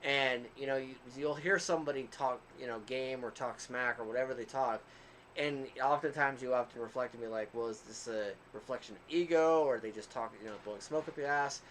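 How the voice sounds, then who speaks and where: A self-described quieter man co-hosts a casual podcast, speaking fairly quickly in a mid-range voice over slight background noise. He spins a long, rambling story, often laughing and going off on asides.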